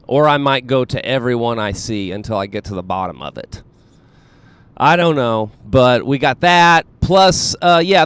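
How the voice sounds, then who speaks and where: Casual male comedian host, Southern US accent, mid-pitched, clean and smooth, loose and self-mocking. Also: no room sound. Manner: rambling, self-deprecating, many fillers.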